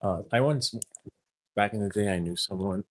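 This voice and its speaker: A man's voice: fairly low pitch, normal speed, no echo. A man vlogging and telling a rambling story, chuckling as he goes and often trailing off and restarting. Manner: chuckles through his stories, trailing off and restarting.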